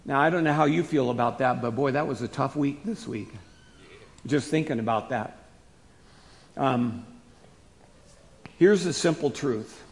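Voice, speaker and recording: A man preaching a sermon as pastor, stressing key words loudly, then dropping to soft asides. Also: mid-range voice, a little slow, long pauses. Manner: emphatic, swings between loud stresses and soft asides. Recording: long hall reverb.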